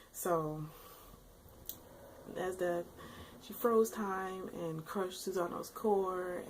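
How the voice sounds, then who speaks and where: A woman's voice: lowish voice, creaky, a little hiss or hum, poor audio. A young woman recapping an episode in a casual vlog, rambling and emotional, with frequent exclamations. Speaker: anime reviewer.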